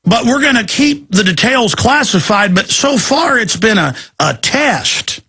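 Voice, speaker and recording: A man hosting a talk show, delivering a heated, sarcastic political rant that often breaks into shouting. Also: sits high, big pitch swings, a little slow, husky.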